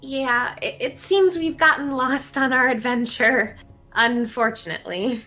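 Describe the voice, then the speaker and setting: Eager woman player, higher voice. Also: a little slow, pushed and bright, faint music behind. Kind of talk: playing a character in a tabletop game.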